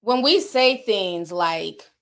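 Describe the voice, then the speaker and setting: A woman's voice: medium pitch, expressive, slow pace, fairly bright tone. A woman commentator in casual chat, talking bluntly and with animation, swearing freely.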